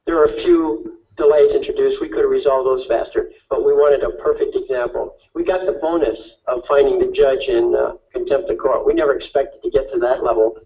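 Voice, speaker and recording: A man's voice: medium pitch, mellow, distant mic, highs cut off. A man giving an instructive talk on court tactics, asking rhetorical questions and often checking in with "okay?". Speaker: speaker on legal tactics. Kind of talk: lecture-style talk.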